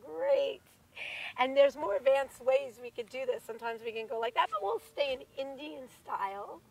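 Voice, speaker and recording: A woman with a hoarse voice leading a children's yoga class outdoors in a park, encouraging the kids and asking them questions. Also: high-pitched, lively intonation, moderate pace, a little mellow, distant mic, rough recording. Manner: encouraging, leads by example, asks the children questions. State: losing her voice, hoarse. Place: outdoors in a large city park.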